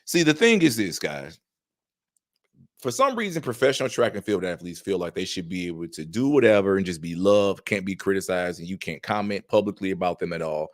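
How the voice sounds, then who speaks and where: Guy with a lowish voice chatting to his viewers, blunt and conversational, dry close sound. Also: lively intonation, fairly quick, no echo. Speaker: online track and field commentator. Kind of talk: casual commentary reading messages aloud.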